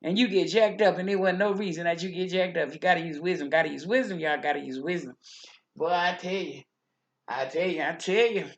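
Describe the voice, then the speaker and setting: A woman's voice: fairly low pitch, brisk, muffled recording, natural voice. A woman voicing a chatty older church lady who rambles, repeats herself and preaches about living right. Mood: folksy preaching. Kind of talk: character monologue.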